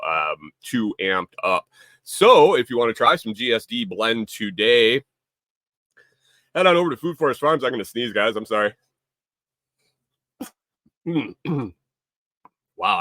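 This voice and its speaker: Man, livestream host, casual chat, low voice, bright and punchy, dry close sound. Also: dry recording. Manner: rambling, repeats himself, casual swearing; reads viewer chat aloud. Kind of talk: casual live-stream chat.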